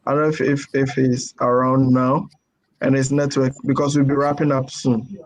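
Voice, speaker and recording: A man's voice: medium pitch, level tone, normal speed, slight background noise, low-quality recording. A man moderating a webinar, politely reading out audience questions and often repeating words.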